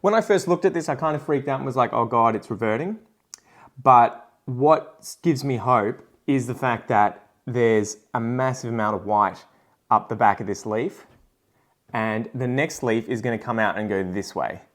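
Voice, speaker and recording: A man's voice: medium pitch, moderate pace. Chatty Australian man, rambling along. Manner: chatty, rambling, corrects himself often. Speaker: host. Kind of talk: casual plant-selling vlog.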